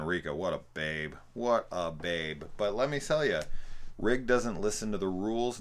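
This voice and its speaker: Deep-voiced man swearing through a film review. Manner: profane, sarcastic and rambling. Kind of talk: casual film commentary.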